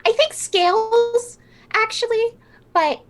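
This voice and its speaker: A woman playing a tabletop game over a call, playful in character. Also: very high-pitched. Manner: lively and playful, drawn-out. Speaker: player. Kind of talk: tabletop role-play over a video call.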